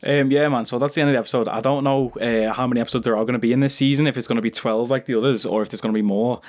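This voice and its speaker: A young man hosting an anime reaction video, talking casually and excitably with lots of slang and fillers. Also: mid-range voice, very fast. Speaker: anime reaction channel host.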